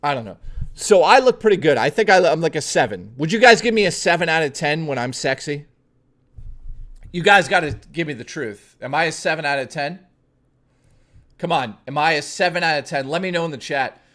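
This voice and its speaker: A man's voice: on the high side, lively intonation, brisk, a bit bright. A male streamer telling a story to his live chat in a blunt, profane, chatty way, speaking straight to his viewers.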